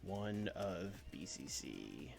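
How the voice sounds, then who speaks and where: A man's voice: sits low, very animated, very slow, gravelly, over loud music. A young adult man streaming, chatting playfully about a wrestling booking game. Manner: playful, storytelling. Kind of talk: casual game commentary.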